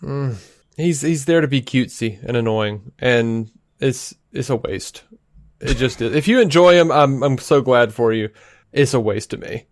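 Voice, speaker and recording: A man co-hosting a podcast, arguing his point in an animated, casual way and swearing now and then. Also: mid-range voice, moderate pace. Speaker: podcast co-host. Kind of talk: casual debate.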